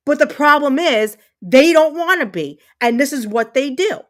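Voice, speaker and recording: Speaking at a normal pace with a high voice and lively intonation, a woman in her thirties unloads an angry rant to her livestream viewers. She fumes, cursing and hammering the same points again and again.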